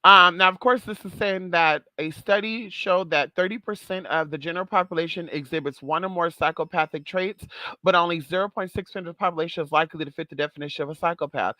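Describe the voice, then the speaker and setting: Sassy, profane vlogger with a bright voice. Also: medium pitch, quick pace, no room sound. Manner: sassy, profane, chatty, calls viewers girl and honey. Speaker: channel host. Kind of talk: casual vlog commentary.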